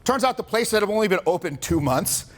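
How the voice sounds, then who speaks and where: A social skills coach in his forties gives a casual, joking seminar talk to a group, cursing freely and acting out what people say. His voice sits high with a fairly bright tone, animated and brisk.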